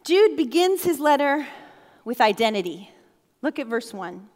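A woman's voice: high voice, sing-song, a little slow, darkish tone, big-room sound. A middle-aged woman pastor giving a sermon in a playful, conversational way, laughing often.

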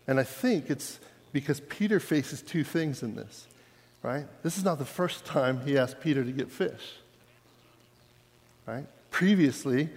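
A man's voice: on the high side, darkish tone. A man preaching a sermon, retelling a story in a casual, conversational way and building to fervor. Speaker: pastor. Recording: long hall reverb.

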